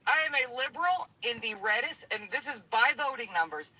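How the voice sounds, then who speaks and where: Woman caller, late 40s, high lively voice, emphatic storyteller. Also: brisk, breathy edge, poor audio. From Tennessee. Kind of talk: call-in show conversation.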